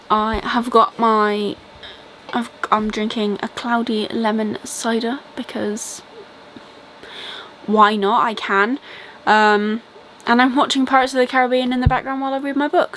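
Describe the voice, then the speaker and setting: Speaking in a slightly high voice, this young woman from Britain rambles through a casual reading update for her book vlog, full of ums and likes. The recording is rough, with a little background noise.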